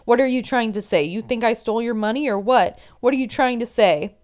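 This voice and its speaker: Brief: defensive man denying theft, played by a woman, smooth voice pitched down. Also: brisk, natural voice. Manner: protesting.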